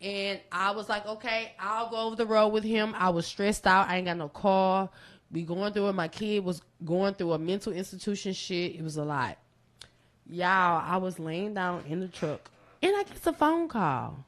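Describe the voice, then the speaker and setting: Woman, lively storyteller, swooping pitch, casual podcast chat. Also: moderate pace. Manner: animated, excitable storytelling with big pitch jumps and profanity. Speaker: podcast guest.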